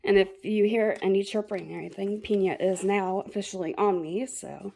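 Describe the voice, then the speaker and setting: A woman's voice: mid-range voice, fairly even intonation, moderate pace, creaky, dark tone. A young woman giving a rambling, self-deprecating tour of her craft room at home, chatting casually and laughing at herself. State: a bit out of breath. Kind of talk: casual chat.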